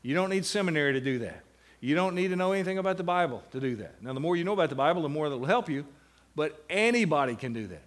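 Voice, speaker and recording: A man teaching a class on meditating on the Bible, slowing down to stress single words and breaking into lively asides. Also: on the high side.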